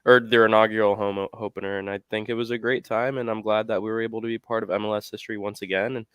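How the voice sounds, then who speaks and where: Man, podcast co-host, calm matter-of-fact chat, smooth voice, dry close sound. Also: on the low side, fast talker, no room sound.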